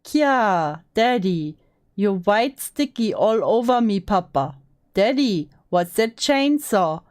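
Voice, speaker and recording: A woman voicing a simpering, childish uwu girl with exaggerated cutesy baby talk and drawn-out whimpers, as a mocking dramatic reading. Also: mid-range voice, expressive, a little mellow. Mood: whimpering. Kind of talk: mock dramatic reading of comments.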